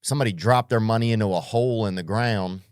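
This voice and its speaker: A man's voice: on the low side, fast talker, clear, resonant tone, no room sound, studio quality. A man doing a rambling, profane comedic monologue as a podcast host, full of slang and tangents.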